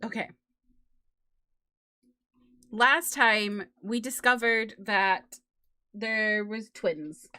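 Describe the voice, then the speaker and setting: A woman's voice: medium pitch, very slow, long pauses, sharp tone, smooth, no echo, studio quality. A woman streamer with a British accent that drops her T's, chatting casually and giggling between games at a desk microphone. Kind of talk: casual live-stream chat. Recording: faint music behind.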